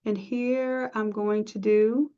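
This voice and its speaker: A woman walks her class through a design step by step, chatty and encouraging as she thinks aloud. Her voice sits fairly high. The sound is dull and lo-fi, like a stream. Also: steady tone, takes it slowly, warm tone, clear, resonant tone. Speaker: design instructor. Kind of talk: live screen-share tutorial.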